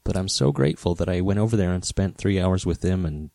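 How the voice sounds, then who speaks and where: A man hosting a podcast, telling a story in a relaxed, rambling way with many fillers. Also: low-pitched, fast, no room sound. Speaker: podcast host, guitar repair specialist. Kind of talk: casual storytelling.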